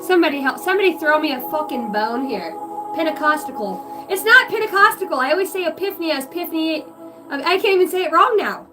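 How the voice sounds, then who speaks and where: A woman's voice: extremely high pitch, expressive, fast, distant mic, music in the background. A woman giving a rambling, profane channeled reading to her viewers, free-associating and giggling at herself. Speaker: psychic reader on a livestream.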